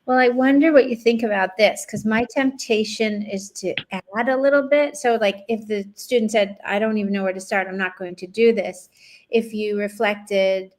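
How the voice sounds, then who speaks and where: A woman's voice: mid-range voice, steady tone, moderate pace. A woman hosting a podcast who thinks aloud and tentatively checks her idea with the guest. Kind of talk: podcast interview.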